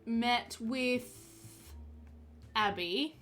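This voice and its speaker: A woman's voice: a little high, drawn-out words, a bit bright, faint music behind. A woman streaming a murder mystery game, thinking aloud in a chatty, giggly way. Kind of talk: casual game commentary.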